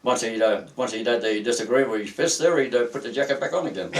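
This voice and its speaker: An older Australian man recalls his working life in a halting, rambling way, often restarting his sentences. His voice sits a little away from the mic. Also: mid-range voice, recorded from a distance. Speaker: retired merchant seaman. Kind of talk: oral history interview.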